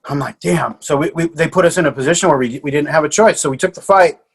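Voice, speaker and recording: Coach guest, male, higher-pitched, animated and laughing through his stories. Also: quick pace, breathy edge. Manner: lively anecdotes with frequent laughs and fillers. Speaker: martial arts coach. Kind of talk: animated storytelling in a podcast interview.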